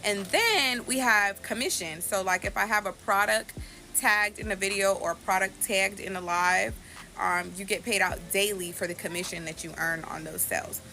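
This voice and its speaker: A woman's voice: mid-range voice, moderate pace, gravelly, bright, forceful tone, faint music behind. A woman content creator talking casually to her followers, with lots of fillers. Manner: casual, filler-heavy, venting. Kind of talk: casual social media talk.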